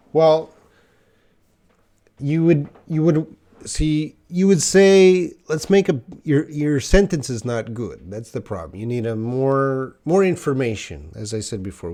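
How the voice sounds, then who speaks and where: A man's voice: medium pitch, warm tone. A man teaching a live online English lesson, patiently explaining grammar and answering viewer questions.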